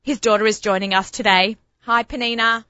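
Aussie lady hosting a radio chat, bright sharp voice, dry slightly muffled sound. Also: fairly high pitch, fairly even intonation, dry recording. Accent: Australian. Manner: chatty and enthusiastic, quick laughs. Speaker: radio show host. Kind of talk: casual radio interview. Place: radio studio.

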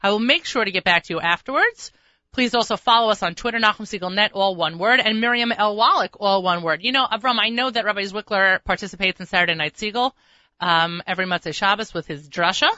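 A radio host, a woman who chats in a rambling, storytelling way with plenty of quick asides. Her voice is bright and forceful, recorded dry in a studio with a slightly muffled top end. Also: mid-range voice, dry recording. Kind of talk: casual radio chat.

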